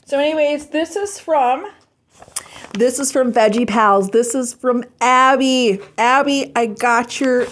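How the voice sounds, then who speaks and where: A woman's voice: fairly high pitch, a little hiss or hum. A woman hosting a casual vlog, chatting while opening fan mail and gushing with sentimental thanks. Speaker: vlog host.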